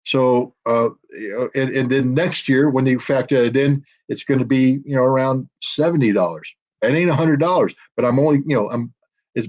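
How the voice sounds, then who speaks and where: A man's voice: medium pitch, a little mellow. A middle-aged American man, a guest in a political commentary interview, talking emphatically and with sardonic jabs. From United States. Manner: emphatic and sardonic, mocking quoted officials. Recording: dull lo-fi audio.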